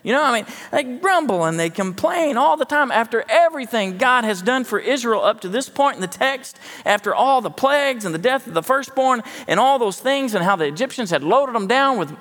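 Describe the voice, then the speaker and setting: A man's voice: very high-pitched, lively intonation, a little fast, few pauses, a bit bright, big-room sound. A man preaching a sermon in a folksy, conversational way with joking asides. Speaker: pastor. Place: church sanctuary.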